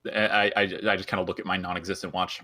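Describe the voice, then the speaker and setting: A man playing in a tabletop game, talking in an animated, rambling way with lots of restarts. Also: sits low, rapid-fire. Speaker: player. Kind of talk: casual tabletop role-play.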